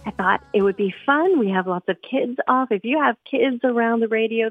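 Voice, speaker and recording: A woman radio host reading a storybook aloud in a lively, expressive way, over a dry, tinny phone-like sound. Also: on the low side, no room sound.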